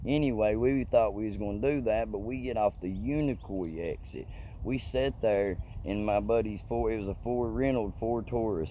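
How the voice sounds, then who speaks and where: Brief: low-voiced man, rambling profane storyteller, faint background hum. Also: highs cut off. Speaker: comedic storyteller. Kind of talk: casual storytelling monologue.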